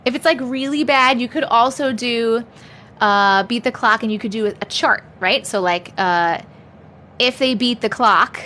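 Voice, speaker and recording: A woman's voice: on the high side, unhurried, pushed and bright, slight background noise. A young adult woman hosting a casual livestream chat from home, chatty, laughing often and swearing freely. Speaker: livestream host.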